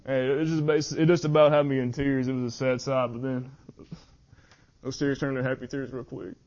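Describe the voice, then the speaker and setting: A man preaching at a youth meeting, reading scripture slowly and earnestly, sometimes tripping over his words. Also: mid-range voice, little pitch movement, darkish tone. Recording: muffled lo-fi audio.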